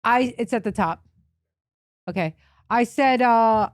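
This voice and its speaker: A young woman runs a comedy podcast with brash, joking banter and frequent laughter. Her voice sits fairly high. The sound is dry and close, with no room echo. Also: slow. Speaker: podcast host.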